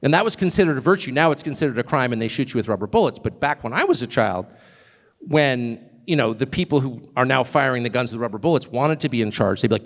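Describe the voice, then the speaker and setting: A middle-aged man giving a live public speech as a guest speaker, animated and sardonic, with mocking asides and short chuckles. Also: medium pitch, quick pace. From United States. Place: large hall with a live audience. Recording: long hall reverb with crowd.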